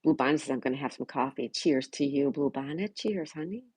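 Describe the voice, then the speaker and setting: A woman's voice: extremely low pitch, steady tone, fast talker, a little mellow, slightly rough, dry recording, poor audio. A middle-aged woman hosting a casual live stream from home, reading viewers' comments and greeting them by name with affectionate chatter. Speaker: livestream host reading chat.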